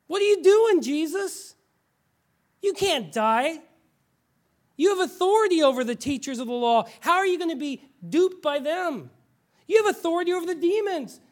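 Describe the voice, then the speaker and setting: A man's voice: extremely high pitch, voice pushed up. A man putting on an exasperated young disciple. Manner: urgent, exasperated questioning. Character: frustrated pleading male disciple, young adult. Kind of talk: acted-out quote in a sermon.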